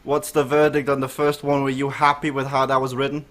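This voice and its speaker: A man's voice: mid-range voice, completely flat delivery, fairly quick, a bit bright. A man hosting a casual live stream of a group bike ride, joking and laughing often and asking riders questions. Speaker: host of a virtual cycling group ride stream.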